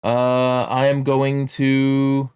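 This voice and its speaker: A man's voice: mid-range voice, monotone, drawn-out words, darkish tone, clear, resonant tone, no echo. A man playing a tabletop game over voice chat, rambling with many fillers and restarts. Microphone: own computer mic.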